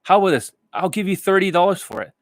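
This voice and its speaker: A stubborn, gruff male pawn shop owner haggling hard over a price, as a man does a loose impression. The voice sits high and pushes loud on the sticking points. It sounds dry and close. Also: expressive, fast talker, no room sound.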